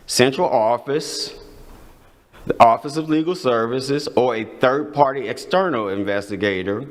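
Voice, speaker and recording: A man from the district staff reading a prepared briefing at a school board meeting, measured, with small restarts. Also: on the low side.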